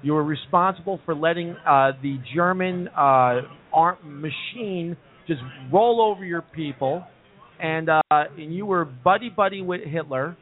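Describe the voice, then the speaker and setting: A man from New Jersey hosting a casual comedy talk show, chatty and quick to laugh, often repeating "listen". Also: a little high. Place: pub. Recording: tinny phone-like audio.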